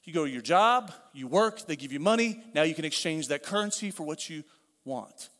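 A man's voice: fairly high pitch, lively intonation, brisk, fairly bright tone. A middle-aged man preaching a sermon as pastor, conversational, with repeated phrases and asides. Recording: long hall reverb.

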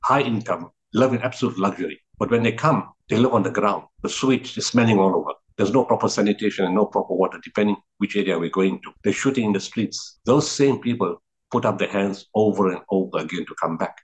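A man's voice: lowish voice, fast, poor audio. A middle-aged man with a South African accent, telling stories in an interview, earnest and repetitive for emphasis. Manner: earnest, repeats words for emphasis, frequent restarts. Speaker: guest, founder of a relief organization. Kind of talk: reflective interview storytelling.

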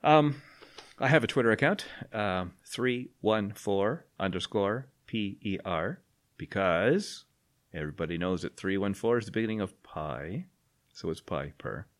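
A man's voice: fairly low pitch, expressive, measured pace. Laughing man telling a classroom story. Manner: laughs often while telling stories. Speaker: guest, math education professor. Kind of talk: storytelling in a podcast interview. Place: radio studio.

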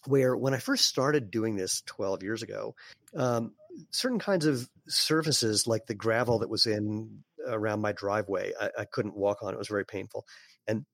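A man speaking as an interview guest, explaining in a relaxed way with fillers and some throat clearing. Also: lowish voice, moderate pace, dry recording. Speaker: guest, barefoot sandal maker. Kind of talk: casual conversational interview.

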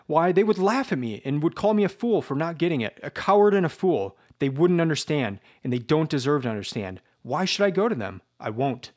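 A man's voice: mid-range voice, fast talker, hardly any pauses, close to an everyday voice. A man reading aloud as a young male murderer, raising his voice in bitter, indignant defiance.

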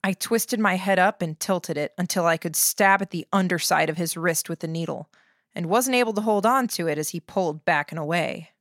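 A woman reading a first-person novel aloud in a steady, measured way. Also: fairly low pitch, no room sound, clean studio sound. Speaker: audiobook narrator.

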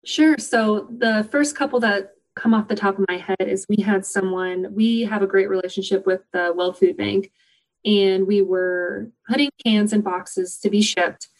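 A woman in a conversational interview speaks with open enthusiasm, warmly recounting volunteer stories. Her pitch sits in a comfortable middle range. She sounds relaxed and upbeat throughout. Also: measured pace, poor audio. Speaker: guest, company volunteer program organizer.

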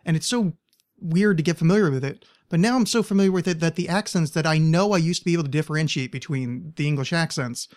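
An American man hosting a casual podcast chat, his voice a little higher than most men's. He talks in an animated, loose way, laughs easily and swears casually. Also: quick pace. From United States. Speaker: podcast host.

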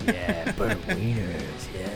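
A man's voice: fairly low pitch, wildly swooping pitch, slow, creaky, over music. A man co-hosting a casual comics podcast, laughing often and telling stories with animation. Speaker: podcast co-host.

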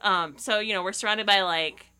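A woman's voice: medium pitch, moderate pace, smooth. A woman co-hosting a podcast who tells stories with a lot of laughter. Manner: giggly, animated storyteller. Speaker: podcast co-host. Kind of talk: casual chat.

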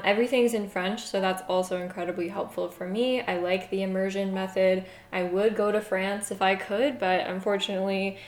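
An American woman hosting a casual language-learning vlog, chatty and laughing often, sometimes reading aloud slowly. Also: medium pitch. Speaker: podcast host. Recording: echoey room.

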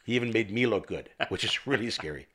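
Chatty low-voiced man on a podcast. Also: expressive, quick pace, a bit bright, husky. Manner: chatty, rambling, laughs often. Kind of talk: casual podcast chat.

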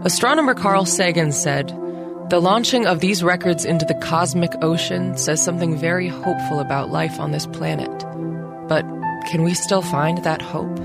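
A woman with a fairly low voice reads a scripted radio advertisement. Her delivery is measured, earnest and hopeful. A loud music bed plays under her. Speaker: ad narrator.

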